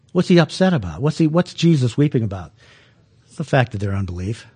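A man's voice: mid-range voice, very animated, fairly quick, breathy edge. A man preaching in a folksy conversational way, chuckling often and restarting his sentences. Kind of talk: conversational sermon.

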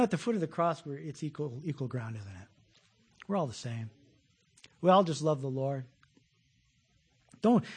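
A middle-aged man preaches in a husky, rather high voice. He talks in a folksy, animated way, slipping in jokes and acted-out voices as he goes. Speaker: pastor. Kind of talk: sermon.

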